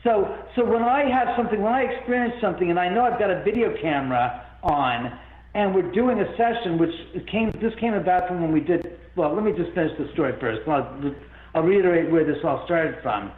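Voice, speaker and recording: A man telling a long story as an interview guest, rambling and animated, with many restarts. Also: high voice, a little fast. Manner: rambling, animated, full of restarts and self-quotes. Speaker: guest, haunted-house owner. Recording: phone-like line in an echoey room.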